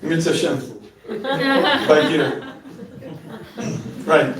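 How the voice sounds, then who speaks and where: A middle-aged man with a high-pitched voice gives a live talk and answers questions from the audience. He is animated and joking, and laughs at his own asides. He is picked up from a distance in an echoey hall. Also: very slow, long pauses, crowd noise. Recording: echoey room, mic at a distance.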